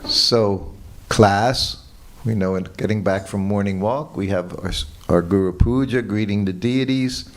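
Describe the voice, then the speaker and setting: An older man with a lowish, unhurried voice leads a morning class at a temple. His anecdotal lecture in the hall is warm and nostalgic, broken up by chuckles.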